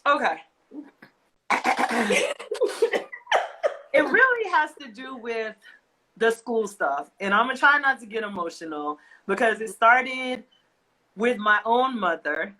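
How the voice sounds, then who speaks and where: A woman's voice: on the high side, animated, takes it slowly, pauses often, sharp tone, slight background noise, rough recording. A woman co-hosting a casual talk show, speaking with impassioned emphasis and repeating phrases as she vents. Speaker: podcast co-host. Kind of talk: emotional casual chat.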